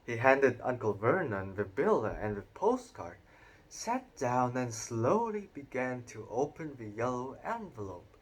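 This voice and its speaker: A man narrating a children's novel aloud in an unhurried, expressive reading with occasional stumbles. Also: mid-range voice, husky. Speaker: audiobook narrator. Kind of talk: storybook read-aloud narration.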